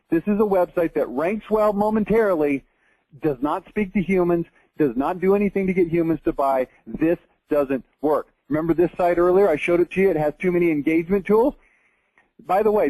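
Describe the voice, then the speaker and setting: A man's voice: on the high side, dark tone, no echo, rough recording. A man in his forties from Texas, giving a blunt, emphatic marketing tutorial over a screen share, with mocking asides. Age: 40s. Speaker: marketing presenter.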